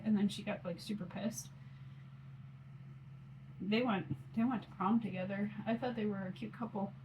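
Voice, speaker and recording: A woman's voice: mid-range voice, fairly even intonation, normal speed, long pauses, lo-fi sound, background noise. A woman in her forties chatting casually on her phone camera while doing her makeup, rambling with lots of fillers. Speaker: mom vlogger.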